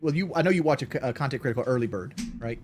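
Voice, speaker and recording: A man's voice: mid-range voice, lively intonation, racing, a little hiss or hum. A man with a Southern US accent, rambling casually on a late-night call and swearing now and then.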